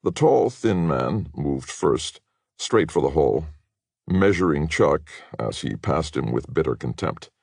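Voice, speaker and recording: A man narrates an audiobook in a measured, expressive way. His very low voice is gravelly and husky and moves lively up and down. The recording is close and dry. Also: no room sound. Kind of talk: scripted narration.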